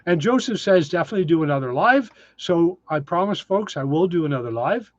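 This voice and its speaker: A man's voice: fairly high pitch, lively intonation, brisk, dry recording, lo-fi sound. A man in his sixties, casually chatting on a livestream and answering viewer comments in a self-deprecating way. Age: 60s. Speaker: livestream host. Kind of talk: casual live chat reading comments.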